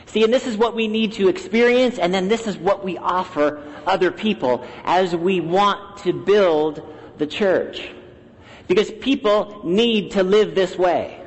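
A man preaching a sermon as pastor in a church, talking in an animated way and acting out the voices he quotes. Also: high voice, measured pace. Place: church sanctuary. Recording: long hall reverb.

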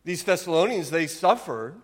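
A man's voice: high-pitched, expressive, normal speed, breathy edge, big-room sound. A man preaching a sermon as pastor, with an earnest, emphatic delivery and frequent rhetorical questions.

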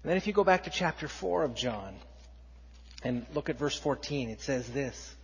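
A man preaching a sermon, reading scripture aloud with rising force and dropping to quiet emphasis. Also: mid-range voice, animated, moderate pace, husky. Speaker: pastor. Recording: dull, muffled sound in a long-reverb hall.

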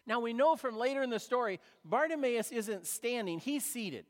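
A man preaching a sermon as a pastor, retelling a story in a conversational way with dramatic pauses. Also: very high-pitched, expressive. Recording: long reverb of a large hall.

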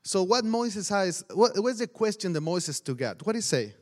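A man's voice: sits high, very animated, normal speed, darkish tone. A pastor from Mexico, a man whose first language is Spanish, preaching energetically in broken English with a Mexican Spanish accent and frequent laughter. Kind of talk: sermon.

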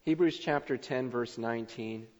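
A man preaching a sermon as pastor, telling stories with much repetition and swinging between loud excitement and hushed earnestness. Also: medium pitch, moderate pace. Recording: muffled hall recording with long reverb.

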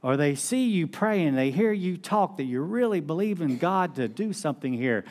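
A man's voice: on the high side, expressive, moderate pace, darkish tone. A middle-aged male pastor, preaching a sermon in a conversational storytelling way. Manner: conversational storytelling with laughs and acted-out quotes.

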